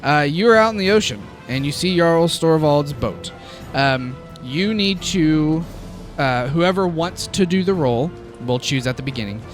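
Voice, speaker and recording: Casual male game master with a slightly high voice, chuckling through his narration, music underneath. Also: unhurried. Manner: casual, laughing often, relaxed narration. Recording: background music.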